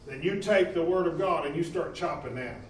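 A man preaching a sermon in a church, impassioned, swinging between loud emphasis and quieter stretches. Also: on the high side, brisk, slight background noise. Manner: impassioned, rising and falling in emphasis. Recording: echoey room from a distance.

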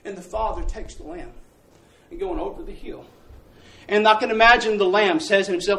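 Storytelling preacher, high voice, roomy church sound from a distance. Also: male voice, brisk, a bit bright. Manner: vivid storytelling with call-and-response. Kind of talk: sermon.

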